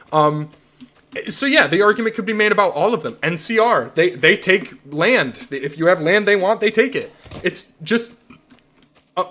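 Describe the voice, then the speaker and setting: A man's voice: sits high, sharp tone. A young man streaming a game, rambling and swearing as he rants. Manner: rambling, profane ranting. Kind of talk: casual game chat.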